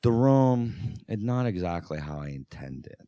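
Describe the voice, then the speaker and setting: A man putting on an eccentric middle-aged male filmmaker who speaks soft, halting broken English. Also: lowish voice, sing-song, smooth, no room sound, studio quality. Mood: earnest.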